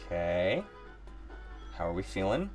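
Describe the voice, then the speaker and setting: Low-voiced ohio guy streaming, rambly and jokey, talks to himself, faint music behind. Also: very animated, a little slow, a little mellow. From Ohio, United States. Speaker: livestreaming artist. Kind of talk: casual live-stream chat.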